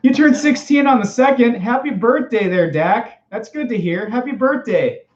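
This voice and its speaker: A man plays a high-pitched, nervous teenage boy who stammers and keeps muttering little worried exclamations. He hosts a live-stream character chat. The sound is dull and lo-fi, and it echoes off the room. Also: animated, normal speed. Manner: stammering, repeating "oh geez" and "oh boy". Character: nervous stammering fifteen-year-old boy Morty. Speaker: livestream host.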